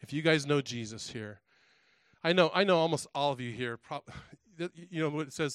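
A man's voice: medium pitch, fairly quick, a bit bright, dry recording. A man preaching a sermon in a conversational way, asking the congregation direct questions and often restarting his words. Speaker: pastor.

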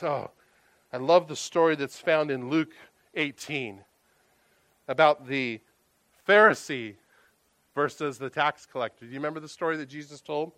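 A man preaching a sermon, telling stories in a conversational, animated way. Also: fairly high pitch, no room sound. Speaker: pastor.

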